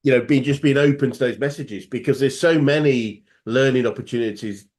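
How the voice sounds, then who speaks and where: Guy hosting a business interview, keen, stumbles and repeats words, middle pitch. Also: fairly quick, darkish tone. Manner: enthusiastic, many false starts and repeated words. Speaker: interview host, business coach. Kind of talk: casual interview chat.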